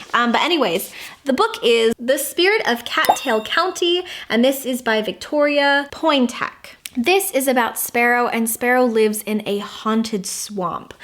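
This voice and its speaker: Bubbly young woman, slightly high voice. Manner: bubbly, chatty, gushing with fillers. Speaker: booktuber. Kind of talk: casual book haul chat.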